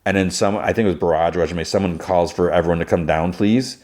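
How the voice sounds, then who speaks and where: Male podcast host, deep voice, chatty rambling recap. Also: fairly even intonation, fast talker, a little mellow. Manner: rambling, retelling scenes with "he's like". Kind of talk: casual episode recap.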